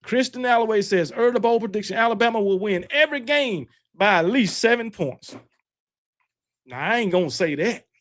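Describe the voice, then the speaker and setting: High-voiced man chatting football. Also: expressive, normal speed, fairly bright tone. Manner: rambling, self-correcting, talks back to chat; boastful sports banter. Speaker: livestream host. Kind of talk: casual chat with live viewers.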